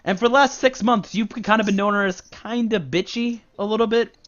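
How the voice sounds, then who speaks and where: A man's voice: high-pitched, fairly quick, a bit bright. A man narrating a tabletop game as game master, rambling casually with many fillers. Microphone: voice chat. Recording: dull lo-fi voice chat.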